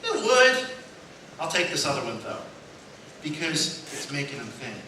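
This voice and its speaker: A man's voice: a little high, big pitch swings, unhurried. A male pastor giving a sermon, telling funny stories and acting out the voices of the people in them. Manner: storytelling, acts out voices in quotes, laughs at own jokes. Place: church sanctuary. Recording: echoey church from far off with noise.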